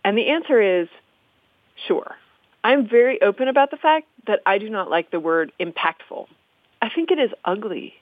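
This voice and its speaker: With an expressive, medium-pitched voice at normal speed, a female language historian talks through usage in a relaxed, articulate, amused lecture style. The audio is dry and tinny, like a phone line.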